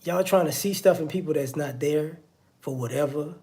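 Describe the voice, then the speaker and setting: Gravelly, high-voiced man musing aloud. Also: normal speed, mellow. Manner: conversational, repeats "you know what I'm saying". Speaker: online commentator. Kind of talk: casual monologue.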